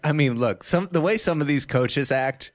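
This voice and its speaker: A man's voice: on the high side, normal speed, dry recording. A man hosting a casual podcast chat, running through news items with frequent laughs and joking asides. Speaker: podcast host.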